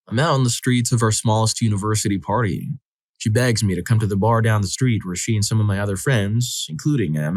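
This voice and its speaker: A man with a lowish voice reads stories aloud, one after another, at an even, steady pace. The recording is close and dry, with no room sound around him. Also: no room sound. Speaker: story narrator. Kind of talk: scripted narration of reader stories.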